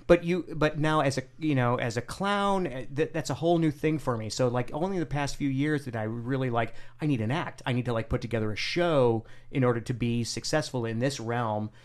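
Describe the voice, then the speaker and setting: A man's voice: mid-range voice, fairly quick, few pauses. A man in his mid forties, a guest on a comedy podcast, talking casually and often repeating words as he starts sentences. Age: 40s. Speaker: podcast guest, clown performer.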